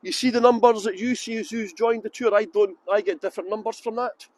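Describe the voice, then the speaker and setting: A man's voice: sits high, fairly even intonation, brisk, darkish tone. A middle-aged tour guide chatting casually on a livestream outdoors in a busy city, joking and rambling as he greets viewers by name into a handheld phone.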